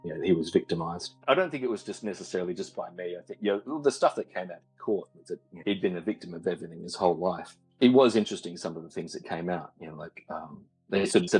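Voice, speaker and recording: A man tells his story down the line, his voice low and slightly breathy. He falters and repeats himself, breaking into wry laughter at dark moments. Soft music sits faintly underneath. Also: expressive, low-quality recording. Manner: halting, repeats words, laughs wryly. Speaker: caller. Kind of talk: casual storytelling on a call.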